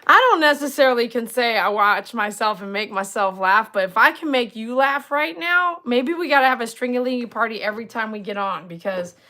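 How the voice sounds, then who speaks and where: A woman's voice: on the high side, lively intonation, a little fast, hardly any pauses, sharp tone. A woman dog groomer hosting a live stream, chatting playfully with viewers and giggling often. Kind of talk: casual live-stream chat. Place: at home with dogs.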